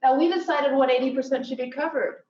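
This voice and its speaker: A woman's voice: high voice, steady tone, fast, darkish tone, a little hiss or hum. A woman giving an upbeat conference presentation with joking asides. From Silicon Valley. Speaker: workshop presenter. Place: lecture hall. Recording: echoey hall from far off, dull.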